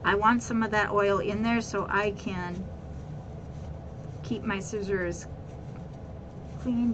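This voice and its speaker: A woman's voice: medium pitch, fairly even intonation, slow pace, pauses often, dull audio, background noise. A woman hosting a casual craft tutorial, explaining step by step in a chatty way with frequent repeats and fillers. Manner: chatty, repeats words, addresses viewers as guys. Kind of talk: casual how-to demonstration.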